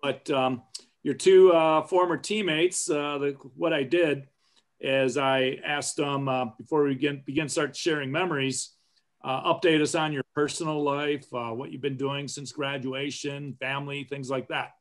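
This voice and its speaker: A man's voice: on the high side, fairly even intonation, moderate pace. A man, a coach, interviewing guests on a video call in a friendly way with many fillers.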